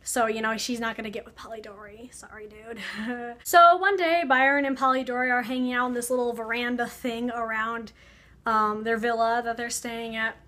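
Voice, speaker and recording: Bright-voiced young woman rambling. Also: fairly high pitch, normal speed. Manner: rambling, filler-heavy, sarcastic. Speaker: vlogger. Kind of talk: casual storytelling vlog.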